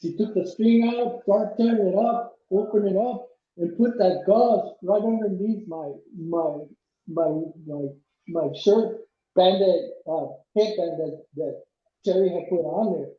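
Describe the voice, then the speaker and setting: Speaking at a measured pace in a high voice, a man in his 70s who runs trails recounts a story during an interview. He wanders, starts over and occasionally chuckles, all captured in a dull, lo-fi recording from a very echoey room.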